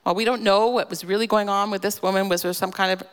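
A woman giving an earnest devotional teaching on a scripture passage, gently emphatic and personal. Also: medium pitch, fairly even intonation, quick pace, clear, resonant tone. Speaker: devotional speaker. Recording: long reverb.

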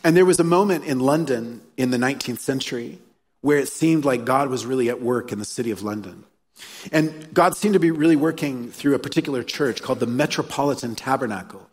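In a church hall, a pastor with a husky, medium-pitched voice delivers an earnest sermon built around stories and repeated key phrases. The live recording carries the hall's reverb.

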